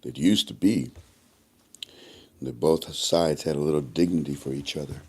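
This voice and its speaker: A man's voice: extremely low pitch, moderate pace, dark tone, husky. A man vlogging to his viewers in a casual, rambling monologue, repeating himself often and making chatty asides. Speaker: YouTube vlogger.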